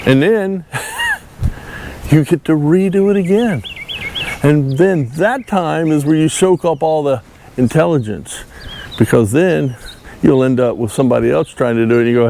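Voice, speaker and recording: A folksy man chats slowly to the camera while he works on a trailer outdoors. He talks in an easygoing, self-mocking way and chuckles at his own mistakes. Faint outdoor noise sits behind him. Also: on the high side, expressive, gravelly, darkish tone. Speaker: channel host doing a boat trailer fix-up. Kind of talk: casual DIY vlog talk to camera.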